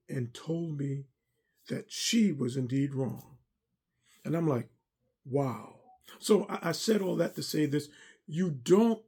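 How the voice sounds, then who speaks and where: A middle-aged man gives a heartfelt testimony with a gravelly, slightly husky voice. His tone is mellow and warm. He talks in an earnest, preacherly way and keeps coming back to the same points. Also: on the high side. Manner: earnest, preacherly, repeats himself. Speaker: former armor bearer and driver to a pastor. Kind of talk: personal testimony talk.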